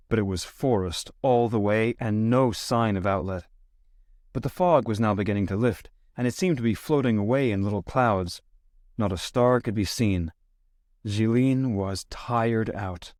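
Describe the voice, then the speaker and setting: A man narrating a classic short story as an audiobook reader, steady, lifting his voice for quoted lines. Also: on the low side, no echo, studio quality. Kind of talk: scripted narration.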